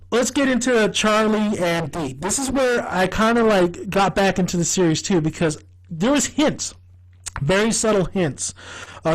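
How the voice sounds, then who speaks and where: A man's voice: sits high, rough recording. Rambling, profane man reviewing a sitcom. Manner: rambling, profane and laughing often. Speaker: TV show reviewer. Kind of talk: casual review vlog.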